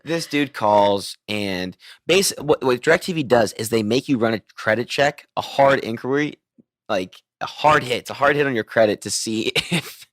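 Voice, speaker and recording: A man's voice: mid-range voice, animated, normal speed, fairly bright tone, no room sound. A man hosting a podcast, telling a crude story with frequent swearing and laughter. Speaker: podcast host. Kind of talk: casual podcast chat.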